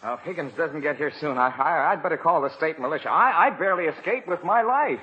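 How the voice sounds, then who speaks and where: An actor playing a blustery, excitable father who stammers, in a 1950s radio sitcom. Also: fairly high pitch, fast, slight background noise. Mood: sheepish. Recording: dull 1950s radio recording.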